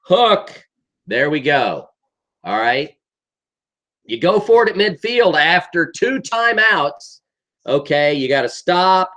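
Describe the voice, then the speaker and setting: A man's voice: fairly high pitch, very animated, slow pace, sharp tone. A middle-aged man giving an exasperated, emphatic football rant, often tagging sentences with "okay?". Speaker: sports commentator.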